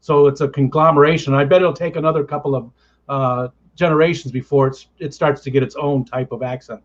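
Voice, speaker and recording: Easygoing host, slightly muffled audio. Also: male voice, mid-range voice, steady tone, a little fast. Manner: easygoing, laughs often, thinks aloud with fillers. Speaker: livestream host. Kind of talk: casual chat.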